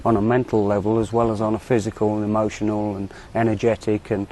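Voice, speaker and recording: A man's voice: on the low side, little pitch movement, quick pace, darkish tone, slight background noise. A man in a group discussion speaking in a matter-of-fact, insistent way. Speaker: group member.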